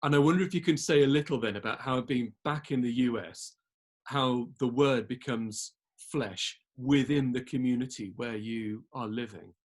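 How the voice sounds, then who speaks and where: A man interviewing a guest, asking long questions in a halting way and searching for words as he goes. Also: medium pitch. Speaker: interviewer, college chaplain.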